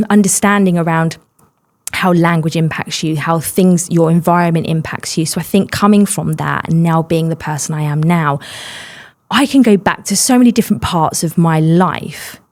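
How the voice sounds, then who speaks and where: A woman's voice: on the low side, darkish tone. A woman, a podcast guest, talking openly and at length in a casual conversation about her work. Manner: open and talkative, quick bursts with laughter. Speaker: podcast guest, mental well-being workshop leader.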